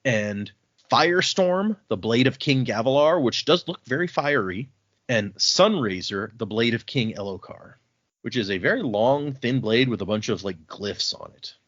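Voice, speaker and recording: A man's voice: medium pitch, expressive, moderate pace, fairly bright tone, dry recording. Chatty male podcast host, dull dry audio. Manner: chatty recap, frequent fillers. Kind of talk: casual book discussion.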